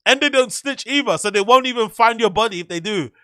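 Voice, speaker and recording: A man hosting a show, excitedly reacting to a video with slangy, swearing commentary. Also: very high voice, quick pace. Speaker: host.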